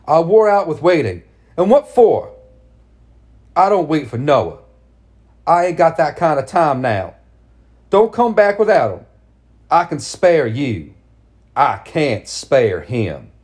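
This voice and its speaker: A man's voice: on the high side, sing-song, slow pace, long pauses, darkish tone, pitched above the performer's own voice. A man voicing a mother driven mad by grief, speaking in a cold, bitter, commanding way in a storybook reading.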